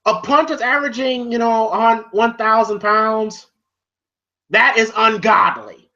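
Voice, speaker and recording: A man co-hosting a casual movie review chat. He rambles, fills every pause with "you know" and swears freely. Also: high voice, steady tone, sharp tone. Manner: rambling, heavy on "you know" fillers, profane. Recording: dull lo-fi recording.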